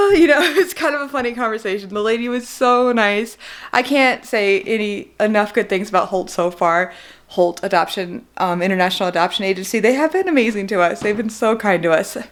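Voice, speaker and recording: A woman's voice: mid-range voice, brisk. A young woman speaks straight to camera in a personal vlog, her voice wavering with emotion. She keeps breaking into nervous little laughs, on the edge of crying, in a mid-range voice. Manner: emotional, near tears, laughing through it. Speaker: vlogger.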